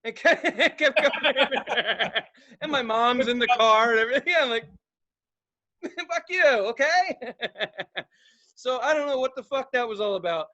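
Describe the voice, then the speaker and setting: A young man with a high, bright voice spins rowdy stories on a podcast. He swears freely, acts out sudden yells and laughs at his own tales in loose, casual chat. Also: moderate pace, lo-fi sound. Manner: profane, animated storytelling with acted-out outbursts and laughter. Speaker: podcast co-host.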